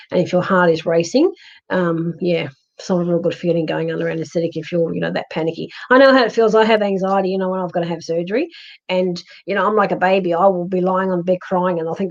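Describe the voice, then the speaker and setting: Talking fast in a low, steady voice, an Australian psychic medium reads viewer comments during her livestream. The audio lacks high frequencies. She sounds chatty and reassuring, peppering her speech with ums and restarts.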